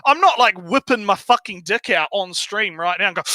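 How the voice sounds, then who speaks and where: A man's voice: high-pitched, animated, brisk, hardly any pauses, bright, forceful tone, no room sound. Man from New Zealand, stream co-host, crude and laughing, dry close mic. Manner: crude, laughing, lots of fillers. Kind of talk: casual stream commentary.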